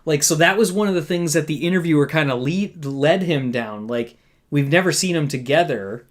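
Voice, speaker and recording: A man's voice: a little high, moderate pace. A man hosting a casual live discussion, chatty and full of fillers, reading quotes aloud. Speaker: podcast host.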